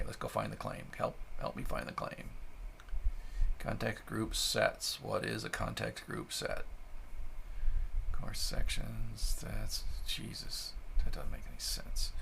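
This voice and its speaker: A man reading a technical spec aloud while live coding, thinking out loud, ranting and swearing, then muttering soft asides to himself. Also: lowish voice, lively intonation, moderate pace, a little hiss or hum. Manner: drops to soft, breathy asides.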